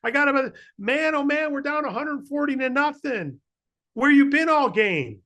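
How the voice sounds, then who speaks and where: A high, chattering little insect. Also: male voice, animated, normal speed, bright, forceful tone, full character voice. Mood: eager.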